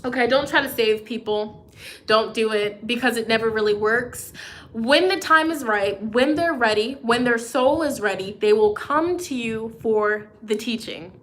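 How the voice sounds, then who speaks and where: Bright, kinda high-voiced woman, chatty tarot reading, keeps saying okay, sniffly nose. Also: a little slow. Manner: encouraging, chatty, frequent "okay?" check-ins; reads out viewer comments. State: runny nose. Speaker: tarot reader. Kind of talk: live tarot forecast reading.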